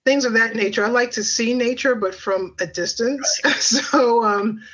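A woman's voice: on the high side, unhurried, fairly bright tone, husky. Woman guest rambling through her story, chatty, um and like a lot, kinda dull lo-fi audio. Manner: chatty, lots of fillers and asides. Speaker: podcast guest. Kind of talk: personal storytelling.

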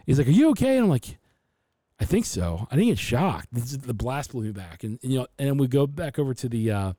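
Mellow-voiced man telling stories on a podcast. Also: mid-range voice, a little fast, no echo, clean studio sound. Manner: animated storyteller who acts out his dad's voice. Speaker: podcast host. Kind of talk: casual storytelling chat.

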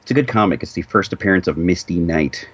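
A man's voice: low voice, expressive, fast talker, husky, no room sound, muffled recording. A man hosting a podcast in casual chat, wry and teasing with playful asides. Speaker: podcast host.

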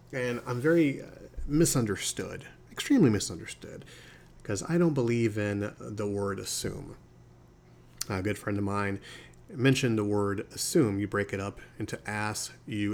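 Calm gravelly-voiced man in his forties musing. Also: fairly low pitch, slight background noise. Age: 40s. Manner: calm, reflective, preachy musing with rhetorical asides. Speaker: podcast host. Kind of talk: solo podcast monologue.

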